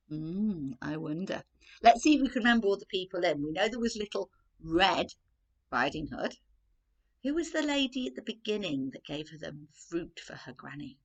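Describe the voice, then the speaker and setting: Animated woman reading to children. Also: mid-range voice, gravelly. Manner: animated, sing-song, asking children questions. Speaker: playgroup storyteller.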